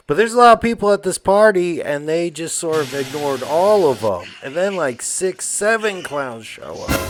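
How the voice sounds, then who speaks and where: A man's voice: medium pitch, slight background noise. A man giving a casual, slangy movie recap, laughing often and acting out the characters' lines. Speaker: movie kill-count commentator.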